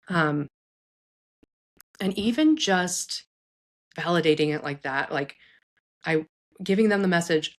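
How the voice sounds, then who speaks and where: Earnest woman with a lowish voice. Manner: earnest, conversational, frequent "like" and "right?"; acts out quoted speech in shifted voices. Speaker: psychologist host. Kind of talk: advice talk to parents.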